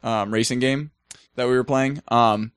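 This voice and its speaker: A man co-hosting a casual podcast, rambling and halting with fillers. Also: mid-range voice, fairly even intonation, clean tone, dry recording. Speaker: podcast co-host.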